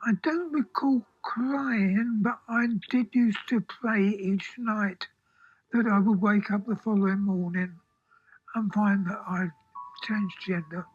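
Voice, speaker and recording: An actress in a film clip, speaking slowly and reflectively. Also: female voice, medium pitch, fairly even intonation, slightly rough, no echo, lo-fi sound, soft background music. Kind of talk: film dialogue.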